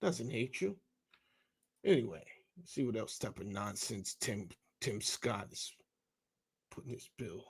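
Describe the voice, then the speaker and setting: A man's voice: lowish voice, sing-song, measured pace, gravelly, pauses often, breathy edge. Heated, profane man hosting a podcast. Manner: heated, blunt and profane, says bro a lot. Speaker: podcast host. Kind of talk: casual commentary reading a bill aloud.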